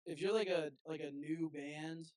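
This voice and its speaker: A man's voice: on the high side, steady tone, moderate pace, no room sound, poor audio. A man, a band's frontman, chatting as a podcast guest in a laid-back way, full of "like" fillers. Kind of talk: casual podcast chat.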